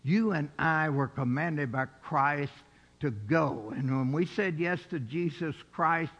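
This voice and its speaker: A middle-aged pastor preaches in a high, bright, gravelly voice, taking his time and leaning hard on each line of scripture. He swings between loud emphasis and hushed asides, and his voice rings out in the long reverb of a large church hall. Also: slow pace, dull audio. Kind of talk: sermon.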